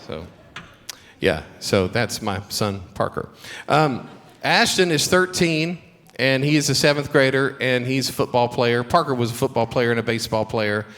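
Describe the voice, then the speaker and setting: A man's voice: medium pitch, normal speed. A middle-aged man with a Southern accent giving a chapel talk to students, telling stories with humor and encouragement. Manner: warm storytelling with humor and faith encouragement. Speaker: guest speaker at a school chapel. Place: school chapel. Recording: long hall reverb.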